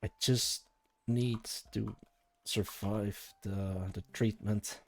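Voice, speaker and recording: A man's voice: fairly low pitch, steady tone, drawn-out words, vocal fry, dry recording, faint music behind. A man streaming live, chatting casually and thinking aloud as he rambles through tangents with his viewers.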